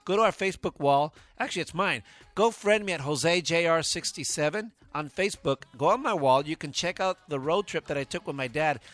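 A man's voice: a little high, a little fast, hardly any pauses, fairly bright tone, no room sound. A middle-aged man hosting a radio show, telling rambling stories full of "uh" fillers. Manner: chatty, rambling anecdotes with many "uh" fillers. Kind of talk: casual radio talk.

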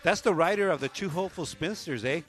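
A man co-hosting a radio show, joking playfully and tagging his lines with "eh?" as he reads out shout-outs. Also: on the high side, fast.

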